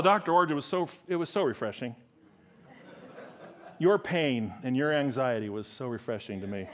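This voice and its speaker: A middle-aged male preacher with a rather high voice. He delivers his sermon with animated swings and plays out little dialogues as he goes. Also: normal speed. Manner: animated, acts out dialogue with big pitch swings.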